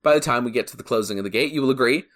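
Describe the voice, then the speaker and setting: A podcast co-host chatting casually, with animated, joking and incredulous storytelling. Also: medium pitch, rapid-fire. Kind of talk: casual chat.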